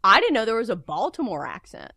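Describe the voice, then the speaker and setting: A woman's voice: on the high side, wildly swooping pitch, fast, creaky, pushed and bright, slightly rough, dry recording, studio quality. A woman from the with a stuffy nose from a cold, hosting a sports betting radio show in a chatty style. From American South. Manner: chatty, lots of fillers and laughs. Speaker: radio host. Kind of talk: casual sports betting chat.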